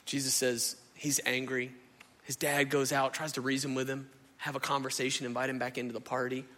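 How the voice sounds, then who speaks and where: Animated preacher in a hall. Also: male voice, medium pitch, brisk. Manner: animated, conversational preaching, addresses crowd as y'all. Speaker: pastor. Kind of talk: sermon. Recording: echoey hall.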